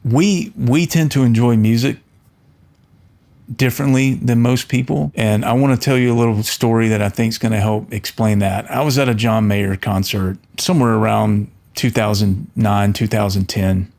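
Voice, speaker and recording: A man's voice: fairly low pitch, moderate pace. A middle-aged man, an audio engineer, talking earnestly to camera and telling a story, often restarting his words. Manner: earnest, storytelling, with frequent restarts and animated quoted voices. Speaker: audio engineer and channel host. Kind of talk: casual talk to camera.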